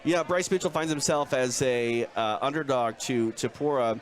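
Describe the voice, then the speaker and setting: A man co-hosting a live fight preview show, chatting in an animated way with lots of fillers. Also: mid-range voice, moderate pace. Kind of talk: live sports talk.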